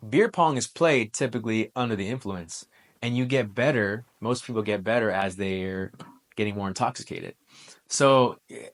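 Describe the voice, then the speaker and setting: A man in his twenties, a former Marine, telling a personal story in a relaxed, conversational way, full of military slang. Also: fairly low pitch, moderate pace. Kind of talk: casual storytelling monologue.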